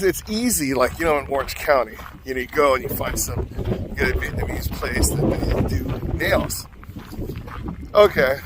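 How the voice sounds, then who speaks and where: Man, casual vlog talk, fairly high voice, chatty, self-mocking, faint background noise. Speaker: vlogger. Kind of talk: casual rambling storytelling.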